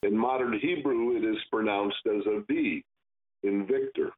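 A man teaching Kabbalah, giving a slow, stern lesson on pronouncing Hebrew letters and stretching words to demonstrate. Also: lowish voice. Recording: tinny phone-like sound.

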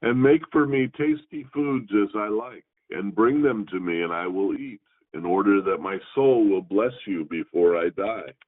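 Male Torah teacher, measured reading with teaching asides, tinny radio broadcast. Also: on the low side. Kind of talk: scripture reading with commentary.

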